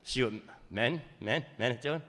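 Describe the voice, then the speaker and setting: A man's voice: mid-range voice, normal speed, big-room sound, noisy background. A middle-aged man performing a stand-up comedy routine with brash, punchy delivery and mock-exasperated asides.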